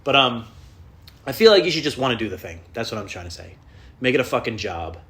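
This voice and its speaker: A man's voice: medium pitch, very animated, quick pace, a bit bright. A man hosting a podcast, ranting casually on his own, rambling and swearing often, restarting his sentences as he goes. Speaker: podcast host. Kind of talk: casual solo rant.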